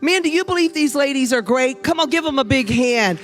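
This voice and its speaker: An older woman preaching a Mother's Day sermon in church, humorous and lively, calling on the congregation to answer back. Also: sits high, a little fast, slight background noise. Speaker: guest preacher. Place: church sanctuary.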